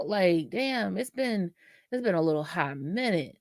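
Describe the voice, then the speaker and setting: Woman, podcast co-host, low-pitched, dry close mic, candid slangy delivery. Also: expressive, a little slow, dry recording. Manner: frank and slangy, acts out quoted voices. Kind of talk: casual podcast chat.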